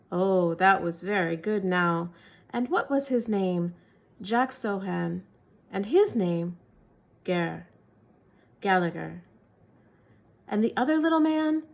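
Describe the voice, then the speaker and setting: A woman, an author, reading literary fiction aloud in a measured, expressive way. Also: mid-range voice, gravelly.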